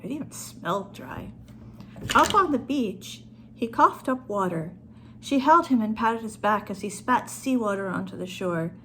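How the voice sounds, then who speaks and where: A woman author reading her own short story aloud in a calm storytelling manner. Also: medium pitch, a little slow, slight background noise.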